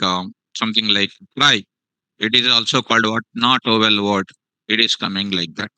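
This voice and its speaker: A man's voice: mid-range voice, pushed and bright, dry recording, low-quality recording. A man teaching a live programming class, repeating phrases and quizzing his students. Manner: repetitive, questioning students, restates phrases. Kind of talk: live classroom coding lesson.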